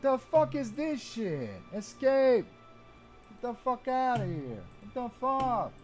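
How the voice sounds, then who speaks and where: A man's voice: very high-pitched, sing-song, slow, a little mellow. A man commentating his live game stream, cursing in frustrated outbursts with faint game music behind. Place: home room at a computer.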